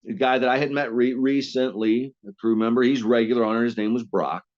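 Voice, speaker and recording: A man's voice: medium pitch, steady tone, a little fast, highs cut off. A man telling stories casually as an interview guest, rambling with frequent restarts and coarse language. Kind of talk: casual storytelling.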